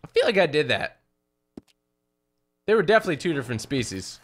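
A young man giving chatty, excitable commentary while he plays a video game, often talking to his horse. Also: on the high side, a little fast. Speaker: gaming YouTuber. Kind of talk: let's play commentary.

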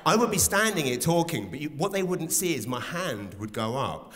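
A man doing a stand-up set, animated and profane, acting out bits of dialogue. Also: on the high side, normal speed. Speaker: stand-up comedian. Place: large theatre stage with a live audience. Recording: theatre reverb with faint crowd noise.

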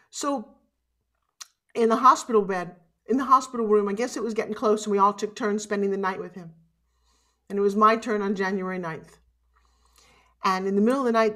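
A woman's voice: medium pitch, a bit bright. Emotional woman giving a keynote speech. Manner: heartfelt, tearful at times, urging the audience. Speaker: motivational speaker. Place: conference stage.

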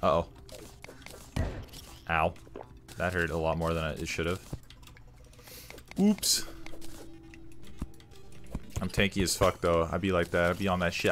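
A young man casually commenting while playing a game, swearing often and breaking into excited outbursts. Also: low-pitched, a little slow, pauses often. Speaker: gaming streamer. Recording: music bed behind voice. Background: soft game music.

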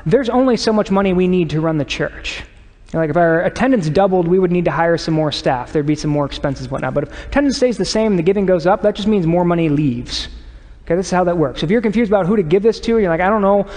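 A male pastor gives a sermon in a church sanctuary, and his slightly high voice carries a long reverb through the room. He talks in an earnest, conversational way and sometimes sinks to a hush. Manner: earnest, conversational preaching that drops to hushed tones.

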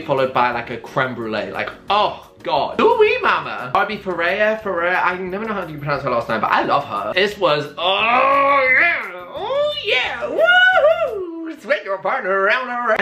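A man's voice: mid-range voice, pushed and bright. A young man with a British accent giving camp, sassy, theatrical reaction commentary, breaking into squeals. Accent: British English. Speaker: YouTube commentator. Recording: echoey room with faint music behind.

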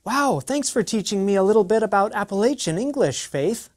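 A woman's voice: medium pitch, expressive, brisk, a little mellow, close to an everyday voice. A woman as a curious learner in a lesson video. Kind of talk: scripted educational dialogue.

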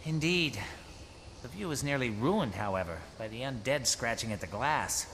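A man's voice: medium pitch, expressive, moderate pace, a bit bright, a little hiss or hum. A man voicing a dry, disdainful game character.

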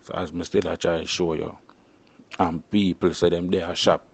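A young man with a Jamaican accent talks in thick patois during an informal interview. His voice sits low and a little husky. He keeps checking in with "you see me" and "you know" as he goes. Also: little pitch movement, moderate pace. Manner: tags phrases with "you see me". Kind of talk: casual street interview.

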